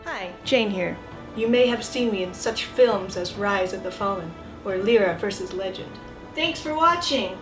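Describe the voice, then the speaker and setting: A woman's voice: mid-range voice, fairly even intonation, moderate pace, reverberant, music in the background. A woman and tabletop game player giving a playful, teasing show outro.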